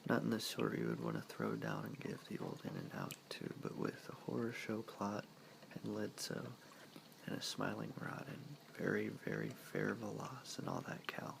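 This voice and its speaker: A man reads aloud in a whispered ASMR style. His whisper sits low and crackles with heavy fry, and the delivery stays soft and slow. A faint hiss runs under the recording. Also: expressive. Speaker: reader.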